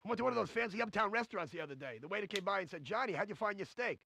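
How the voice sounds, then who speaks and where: A man's voice: high-pitched, expressive, racing, creaky, pushed and bright, a little hiss or hum, full character voice. An actor playing a cheesy, brash stand-up comedian man in a 1990s CD-ROM comedy game, hamming up corny jokes. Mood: joke-telling. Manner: brash, hammy joke delivery. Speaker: game's recorded comedian.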